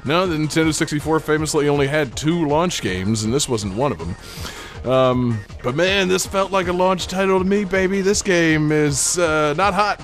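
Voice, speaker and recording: Male podcast host, a bit high-voiced, chatty and giggly, soft music underneath. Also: lively intonation, normal speed, few pauses. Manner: laughs often, rambling with fillers. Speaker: podcast host presenting a game. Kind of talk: casual chat.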